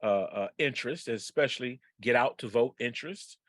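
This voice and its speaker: A man's voice: mid-range voice, a little fast, a bit bright, no echo, studio quality. A man co-hosting a podcast, playful and teasing as he chats. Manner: playful, teasing, bursts of laughter. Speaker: podcast co-host. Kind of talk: casual chat.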